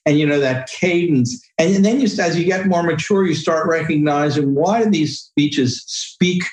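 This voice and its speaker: A man's voice: fairly high pitch, normal speed, a little mellow, roomy sound, rough recording. A man being interviewed, talking in a hesitant, thoughtful way and reciting verse with feeling. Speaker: guest. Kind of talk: conversational interview.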